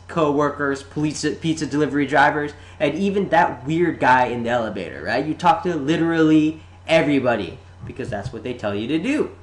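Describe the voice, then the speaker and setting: A man with a slightly high voice runs through a sales-pitch narration, chatty and sarcastic, speaking straight to you. The recording has a roomy echo around it. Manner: sarcastic, chatty, addresses the listener directly. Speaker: marketing presenter.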